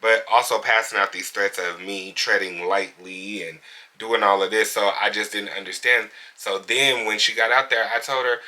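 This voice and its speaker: A man's voice: lowish voice, steady tone, normal speed, pushed and bright. A man, a hairstylist, candidly retelling a bad encounter with a client in a casual vlog. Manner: candid, conversational, indignant retelling. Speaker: hairstylist and salon owner.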